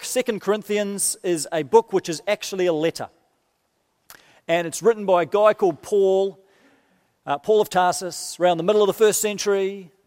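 Male preacher, high-pitched, casual sermon delivery with rising intensity, church hall echo. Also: a little mellow. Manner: conversational, builds to impassioned emphasis. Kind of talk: sermon with scripture reading. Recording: long hall reverb.

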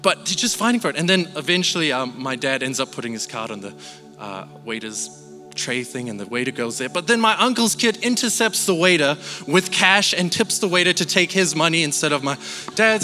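Malaysian-born preacher in a reverberant hall. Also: male voice, fairly high pitch, a little fast, faint music behind. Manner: animated storytelling, acts out shouting relatives. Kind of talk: sermon with personal story.

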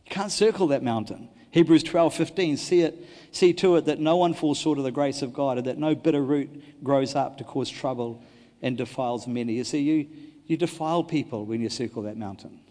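A man, a pastor preaching a sermon, telling stories and swinging between loud and hushed delivery. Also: medium pitch, brisk. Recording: long hall reverb.

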